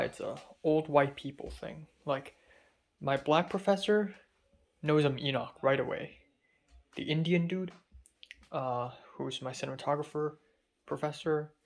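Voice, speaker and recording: A young man, a college student, talking through a casual spoken diary while feverish and dizzy, rambling with many fillers and restarts. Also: fairly high pitch. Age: young adult. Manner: rambling and hesitant, full of fillers.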